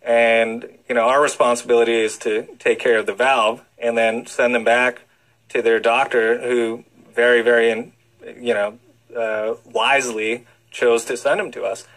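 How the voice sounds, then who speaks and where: A man's voice: medium pitch, little pitch movement, a little slow, fairly bright tone, poor audio. A man, a heart doctor, talking enthusiastically as a guest on a radio interview, full of fillers and restarts. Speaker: cardiologist guest.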